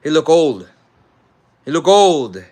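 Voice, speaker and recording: Very animated but slow-paced, a man with a high-leaning, somewhat mellow voice and a Jamaican accent runs a live sports talk show. He reads comments from viewers and drives his points home repeatedly, dropping into patois.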